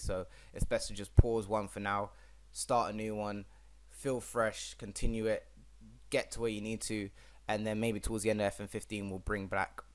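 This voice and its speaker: A man's voice: lowish voice, fairly bright tone. A young man hosting his own gaming channel, chatting casually and rambling through a football management game with plenty of fillers.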